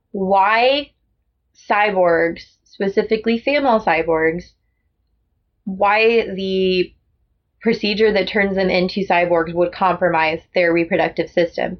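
Woman book podcast co-host, casual and animated, mid pitch, slightly dull lo-fi sound. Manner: chatty, animated, quick to agree. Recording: lo-fi dull audio.

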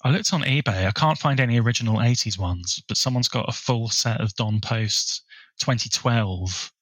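A man co-hosting a podcast, chatting casually about a film and sharing bits of research in a relaxed way. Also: mid-range voice, moderate pace, no room sound, low-quality recording. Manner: relaxed, shares researched trivia. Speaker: podcast co-host.

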